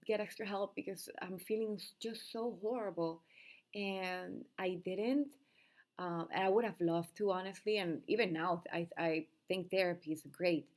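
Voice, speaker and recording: A woman's voice: lowish voice, vocal fry. A woman speaking candidly and emotionally to camera, rambling at times with restarts and small laughs, as she tells her own story. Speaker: vlogger sharing her birth story. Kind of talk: candid unscripted monologue to camera.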